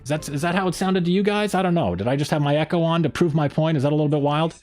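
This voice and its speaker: A man's voice: very fast, soft background music. A man hosting a casual live-stream chat, rambling along with plenty of fillers and restarts. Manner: lively pitch swings when joking. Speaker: host.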